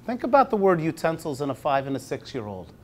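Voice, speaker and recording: Casting: man, high pitch, relaxed presenter with restarts, slows for read-alouds. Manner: conversational, with restarts; slows down when reading aloud. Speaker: teacher presenting at a university talk. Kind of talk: conference presentation.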